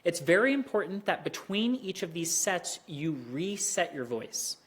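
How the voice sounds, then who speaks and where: Online language lesson, tone teacher, slow deliberate delivery, mid pitch, exaggerated demonstrations. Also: sing-song. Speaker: Mandarin teacher.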